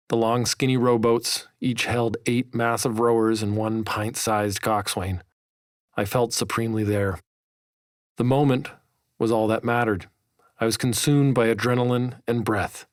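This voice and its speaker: A man narrating his own memoir audiobook in a measured, vivid storytelling manner. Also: medium pitch, steady tone, no echo, clean studio sound.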